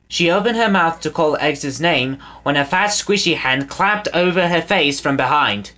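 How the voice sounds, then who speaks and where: Lively male audiobook narrator. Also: a little high, moderate pace, hardly any pauses. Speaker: audiobook reader. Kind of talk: storybook narration.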